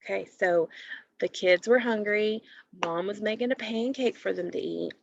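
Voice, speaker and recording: A woman teacher giving a recorded phonics lesson to children, explaining patiently and clearly. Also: medium pitch, normal speed, dry recording. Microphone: computer mic while screen sharing. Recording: dull lo-fi recording.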